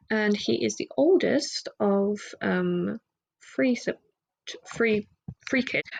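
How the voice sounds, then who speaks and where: A woman's voice: mid-range voice, vocal fry, a little mellow, muffled recording. A woman hosting a solo podcast, chatting casually and rambling with fillers and side remarks. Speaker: podcast host.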